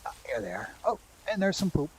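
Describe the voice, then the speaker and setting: A man's voice: fairly high pitch, sing-song, fast talker, slight background noise, poor audio. A man streaming live, chatting and explaining the game as he plays. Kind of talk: live gameplay commentary.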